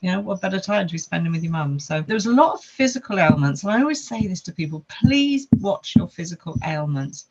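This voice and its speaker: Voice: medium pitch, lively intonation, a little fast, hardly any pauses, darkish tone, lo-fi sound. A podcast guest, telling a personal story in an earnest way and listing things with lots of repetition.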